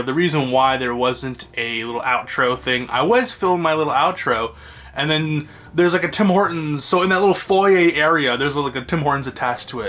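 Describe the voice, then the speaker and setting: A man's voice: fairly high pitch, pushed and bright. A man vlogging, rambling through a casual story to his phone camera and chuckling along the way. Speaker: video blogger. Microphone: phone held by himself.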